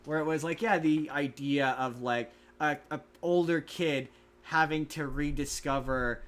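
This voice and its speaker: A man casually recapping a movie on a podcast, animated and acting out the characters' lines. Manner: animated, acts out quoted lines in high voices. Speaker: podcast co-host.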